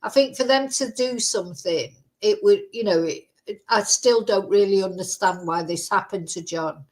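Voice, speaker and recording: A woman's voice: medium pitch, moderate pace, a little mellow. A woman hosting a true crime livestream, talking in a chatty, rambling way with lots of fillers. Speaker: true crime channel host. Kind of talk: casual livestream commentary.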